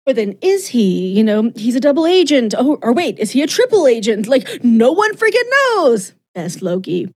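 A woman's voice: a little high, sing-song, moderate pace, few pauses, a little mellow, slightly rough. Gushing, chatty woman. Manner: enthusiastic, gushing, chatty with many fillers. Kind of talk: casual chat retelling a story.

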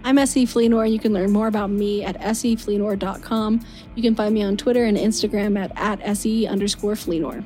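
A woman hosting a podcast, effusive and quick to laugh, thanking guests and listeners. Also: mid-range voice, steady tone, mellow, faint music behind. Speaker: podcast host. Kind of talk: casual podcast chat.

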